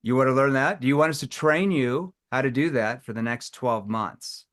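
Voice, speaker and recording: A man's voice: medium pitch, normal speed. A man running a live sales training session, talking to the audience and acting out phone calls in playful voices. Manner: animated, acts out phone calls with playful tones.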